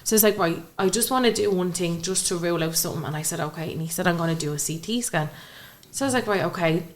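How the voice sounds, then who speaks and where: She talks fast in a lowish voice, a young adult woman with an Irish accent. On a podcast, she recounts an emotional personal story as a guest, voicing the dialogue she quotes.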